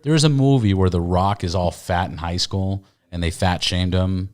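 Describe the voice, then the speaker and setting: A man's voice: low-pitched, moderate pace, darkish tone. A man hosting a podcast in casual chat, emphatic and profane, often repeating his words. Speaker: podcast host.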